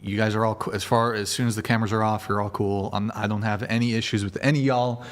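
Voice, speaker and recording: A man's voice: fairly low pitch, steady tone, fast talker. A man hosting a live-streamed talk show, loose and rambling, swearing now and then and laughing a lot. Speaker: show host.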